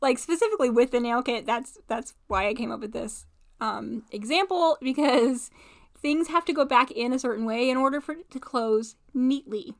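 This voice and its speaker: A woman's voice: sits high, moderate pace. A woman in her thirties co-hosting a casual podcast with her husband, answering in a dry, matter-of-fact way with frequent laughs. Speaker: podcast co-host. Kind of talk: casual chat.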